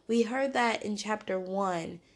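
A woman's voice: medium pitch, measured pace. A woman reading Bible verses aloud and then explaining them in a loose, conversational way. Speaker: Bible teacher. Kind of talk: casual Bible study talk.

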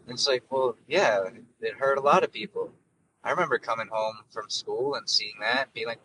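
A man's voice: medium pitch, normal speed, fairly bright tone, far from the mic, rough recording. Brief: man, 20s, rambling solo-podcast host, profane and jokey, slightly off-mic with faint noise. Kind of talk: casual solo monologue.

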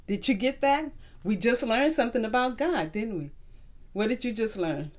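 A woman's voice: fairly high pitch, animated. A woman teaching a children's Bible lesson in a patient way, asking the class to repeat verses after her. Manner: slow, patient, call-and-response teaching. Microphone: recorded tape.

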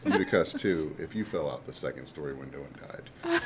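Man, very low voice, lively swooping pitch, joking podcast chat, noisy recording with clicks. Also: fairly quick. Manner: joking, rambling. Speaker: podcast co-host.

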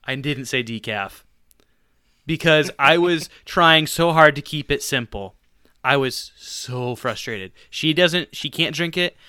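A man co-hosting a podcast, telling a long casual story in an animated, self-deprecating way with bursts of laughter. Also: fairly high pitch, slow pace, clean tone, no echo, clean studio sound. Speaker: podcast co-host.

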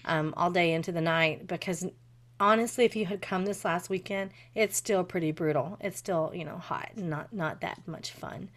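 A woman co-hosting a podcast in casual chat, animated, swearing freely and laughing often. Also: fairly low pitch, normal speed. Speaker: podcast co-host.

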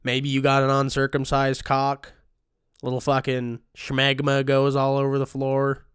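A man's voice: mid-range voice, monotone, unhurried, fairly bright tone, clear, resonant tone, no room sound, clean studio sound. A man hosting a satirical comedy podcast, ranting crudely with constant profanity while he sounds sick. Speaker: podcast host.

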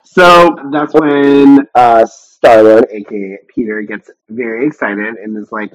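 A man's voice: mid-range voice, unhurried, hardly any pauses, no room sound, low-quality recording. A man co-hosting a podcast, chatting casually and rambling through a film recap, acting out quotes with self-deprecating asides. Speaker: podcast co-host.

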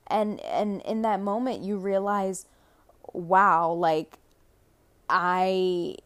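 A woman's voice: medium pitch, extremely slow. A young woman hosting a podcast, talking through a casual monologue that rambles, with many fillers and restarts and some casual swearing. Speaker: podcast host.

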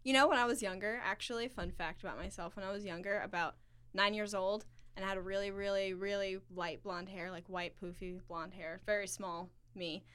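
A young woman, a band member guest, chatting in a giggly, animated way. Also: mid-range voice, clear, resonant tone. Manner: giggly, animated, quick to banter. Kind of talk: casual interview chat.

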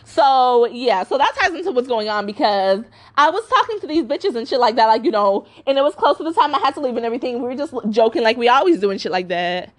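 A woman in her twenties hosts a podcast, ranting casually at a quick, animated clip with few pauses. She swears a lot, leans on fillers and emphasis, and slips into a mocking high voice when quoting others.

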